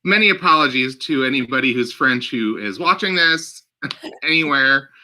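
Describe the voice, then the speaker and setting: Very bright-voiced man, dry asides. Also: medium pitch, expressive, normal speed. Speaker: co-host. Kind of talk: casual chat.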